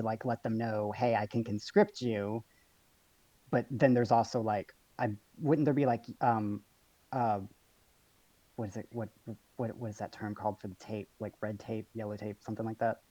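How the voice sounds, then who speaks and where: A man's voice: mid-range voice, dark tone, no echo. A hesitant man talks through his turn in a tabletop game, often stumbling and restarting. His voice is dry and close, with a dull, lo-fi sound. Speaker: player. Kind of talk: casual tabletop game chat.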